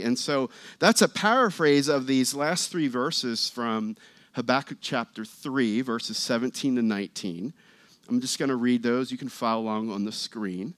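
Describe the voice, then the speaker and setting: A man preaching a sermon in a church, talking conversationally and getting louder and more animated as he reads scripture. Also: mid-range voice, moderate pace, dry recording. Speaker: pastor.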